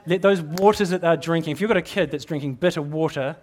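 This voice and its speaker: Earnest middle-aged New Zealand preacher, slightly high male voice, exhorting sermon delivery. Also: fast. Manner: earnest, exhorting, repeats words as he builds.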